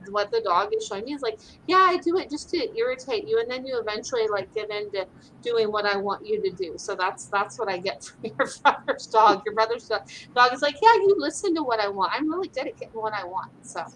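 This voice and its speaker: A woman's voice: fairly high pitch, a bit bright, slight background noise, low-quality recording. A woman from the US West Coast, an animal communicator, chatting casually and filling her talk with "like" and "right?". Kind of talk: casual chat.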